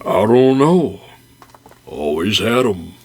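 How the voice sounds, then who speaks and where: A man playing a glum, slow-talking bear. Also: fairly low pitch, slightly rough, full character voice. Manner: slow, drawn-out, flat delivery.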